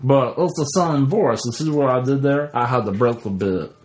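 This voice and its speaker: A man's voice: medium pitch, normal speed, darkish tone. A man hosting a comedy podcast, talking in a silly put-on voice he keeps dropping, with frequent swearing. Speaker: podcast host.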